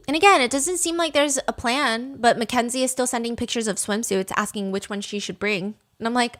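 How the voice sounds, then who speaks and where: A woman's voice: a little high, brisk, a bit bright. A woman hosting a podcast, telling a story in a casual, sarcastic, profane way. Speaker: podcast host. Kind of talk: casual true-crime storytelling.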